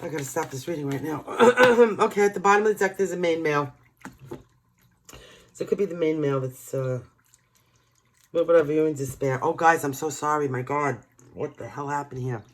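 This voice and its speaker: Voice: medium pitch, a little fast, long pauses. Tarot reader from New York, chatty and emotional, talks straight to viewers in a casual reading.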